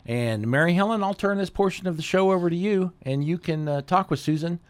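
A man's voice: sits high, fairly quick, clean tone, no echo. A man hosting a community radio talk show in an easygoing, casual way. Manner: easygoing, with fillers and restarts.

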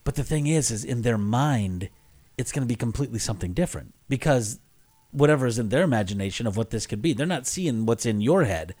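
A man's voice at an ordinary middle pitch, reflecting in a relaxed, conversational way. He works through his ideas with small hesitations. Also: brisk. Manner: frequent short agreements, reflective. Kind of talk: casual conversation.

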